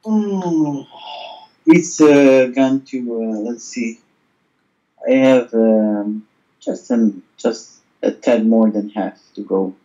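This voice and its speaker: Unhurried Israeli-accented man, Hebrew native, dull lo-fi audio. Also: medium pitch, steady tone, dark tone. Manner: hesitant, fillers, searches for words.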